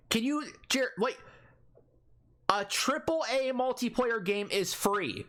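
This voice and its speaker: A young man co-hosting a podcast, ranting angrily and cursing a lot in casual chat. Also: very high-pitched. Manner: angry profane rant, fast and animated. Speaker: podcast co-host.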